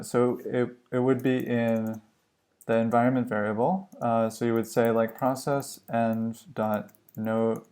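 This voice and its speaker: A man live coding on a stream, thinking aloud in a musing, halting way and questioning himself as he works. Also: medium pitch, mellow. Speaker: livestream coder.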